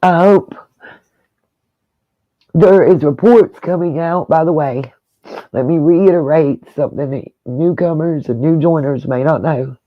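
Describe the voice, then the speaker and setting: A man's voice: fairly high pitch, measured pace, long pauses, dry recording, dull audio. A man hosting a casual livestream, talking straight to his viewers in an emotional, rambling way. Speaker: livestream host.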